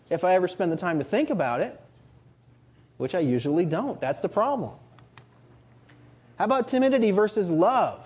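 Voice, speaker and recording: A man's voice: high voice, very animated, normal speed, long pauses, darkish tone, breathy edge. A man preaching a sermon, earnest and building to emphatic rhetorical questions.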